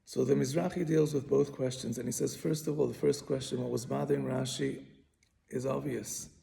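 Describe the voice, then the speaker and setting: A man's voice: medium pitch, steady tone, normal speed, vocal fry, dark tone. A man teaching a Bible commentary lesson, patiently explaining and often repeating and restarting his phrases. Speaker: Torah teacher.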